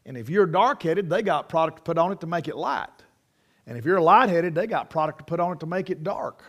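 Folksy preacher, slightly high voice. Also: male voice, expressive, fairly quick, a bit bright. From United States. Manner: folksy storytelling preacher, homespun sayings, frequent restarts. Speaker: pastor. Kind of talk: sermon.

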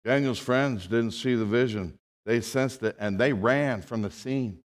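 A man preaching from the pulpit in a church sanctuary, his mid-pitched voice trailing off into long reverb. He swings between hushed, heavy passages and loud, raised proclamations. It sounds like a live sermon delivered to a congregation. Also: a little slow. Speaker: pastor.

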